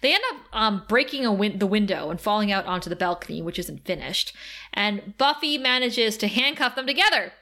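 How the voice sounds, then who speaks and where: A woman's voice: mid-range voice, expressive, fairly quick, bright, forceful tone. A woman co-hosting a casual podcast, laughing often as she retells scenes and quotes the characters. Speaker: podcast co-host. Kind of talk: casual recap chat.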